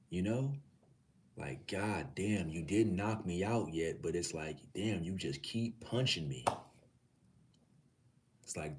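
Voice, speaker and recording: A middle-aged man from Texas hosting a livestream, talking casually with his chat, swearing freely and calling viewers nephew. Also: low voice. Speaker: livestream host.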